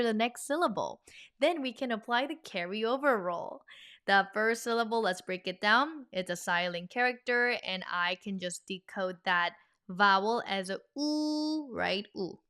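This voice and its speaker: A woman teaching an online language lesson in an upbeat, animated, teacherly way. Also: on the high side, normal speed, smooth.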